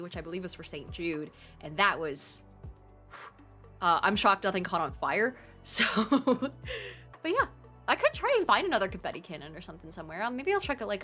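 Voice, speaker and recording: A young woman hosting a charity live stream, reading out donations and chatting with bubbly, gushing excitement from her home computer. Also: on the low side. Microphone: desktop streaming mic.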